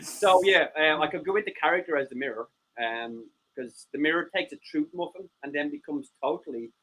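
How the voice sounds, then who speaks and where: A man's voice: fairly high pitch, a little fast, a bit bright, rough recording. A man co-hosting a live stream show, joking and rambling with lots of swearing and laughter. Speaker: co-host.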